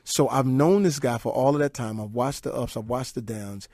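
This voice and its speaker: A man in his forties, a guest telling animated stories on a radio show. He breaks into voices and impressions and laughs often. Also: mid-range voice, moderate pace, dry recording, studio quality. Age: 40s. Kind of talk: animated storytelling on call-in radio.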